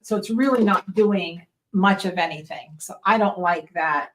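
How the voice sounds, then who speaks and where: A woman's voice: fairly low pitch, moderate pace, a little hiss or hum. A woman who teaches sewing, explaining each step in a casual tutorial at her machine and checking in with "right?" and "okay?". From Western Pennsylvania. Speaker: sewing instructor.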